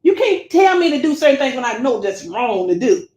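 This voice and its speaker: A woman with a high voice delivers a scolding, preachy rant straight into her camera. She lectures her listeners and calls them baby and family. The room around her rings with echo. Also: sing-song, fairly quick, darkish tone. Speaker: YouTube commentator.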